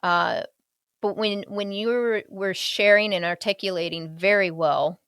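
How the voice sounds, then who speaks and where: Animated woman host, dry close sound. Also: mid-range voice, measured pace, smooth, no room sound. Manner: animated, chuckling, full of restarts. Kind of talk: conversational interview.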